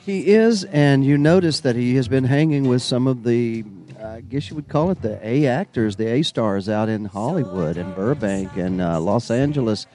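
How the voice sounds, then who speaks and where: A man hosting live from an old theater, chatty and enthusiastic with lots of filler words. His voice is mellow and dark yet swings up and down a lot. Faint music plays in the background. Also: mid-range voice, lively intonation, normal speed, few pauses. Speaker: broadcast host. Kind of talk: casual live broadcast chat.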